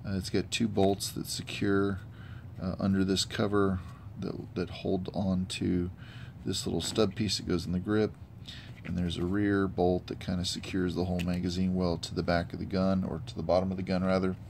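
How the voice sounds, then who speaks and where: Low, gravelly man reviewing gear. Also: flat delivery, a little mellow, slight background noise. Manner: halting, many fillers, matter-of-fact. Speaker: gun hobbyist reviewer. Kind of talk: casual product review vlog. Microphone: handheld camera mic.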